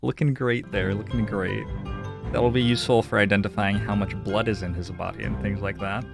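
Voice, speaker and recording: A man's voice: lowish voice, fairly even intonation, brisk, gravelly, music in the background. A man streaming a detective game, thinking aloud in a playful, joking way as he comments on what he finds. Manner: playful, jokey musing aloud. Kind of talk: casual gameplay commentary.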